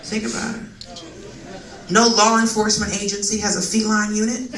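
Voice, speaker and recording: A woman performing a profane, animated stand-up set on a live comedy club stage. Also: mid-range voice, normal speed. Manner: profane, animated, acts out quoted voices. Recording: echoey room, distant mic, crowd noise. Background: audience laughter.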